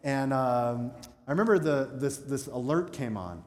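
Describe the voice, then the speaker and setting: A man's voice: medium pitch, expressive, a little slow, a little mellow. A man preaching a sermon as pastor, telling stories with self-mocking asides and shifting from playful to earnest. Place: church sanctuary. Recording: echoey hall with long reverb.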